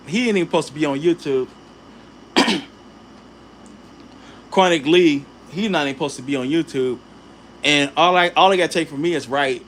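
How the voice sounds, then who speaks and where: A man's voice: mid-range voice, moderate pace, long pauses, a little hiss or hum. Heated man ranting on his vlog. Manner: animated, heated, addresses viewers directly with slang. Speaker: channel host.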